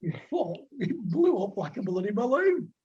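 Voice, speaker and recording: A podcast guest in his sixties with a Lancashire accent tells rambling old cricket anecdotes, chatty and thick with dialect and fillers. His high voice swings widely in pitch at a moderate pace. The highs are cut off, and background noise is present.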